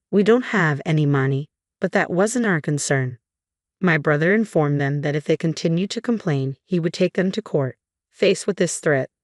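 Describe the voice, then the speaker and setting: Low-voiced woman narrating a drama story. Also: no echo, studio quality. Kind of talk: scripted first-person story narration.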